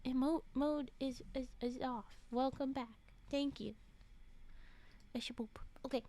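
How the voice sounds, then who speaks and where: A woman streamer reading a story aloud on stream, breaking in with animated, indignant asides. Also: high voice, a little slow.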